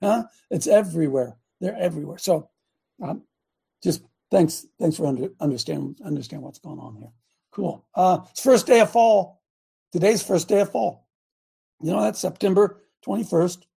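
An older male talk show host with a gravelly, husky voice. He speaks with loud, emphatic passion and drives his points home by repeating them. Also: sits high, animated, normal speed. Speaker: show host and former football coach. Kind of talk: impassioned talk show monologue.

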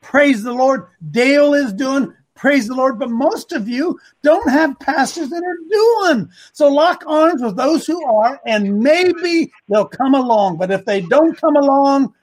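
A man hosting a men's ministry group, preaching an emphatic rant that repeats lines for stress and rises to shouts. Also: very high voice, lively intonation, measured pace, few pauses, rough recording.

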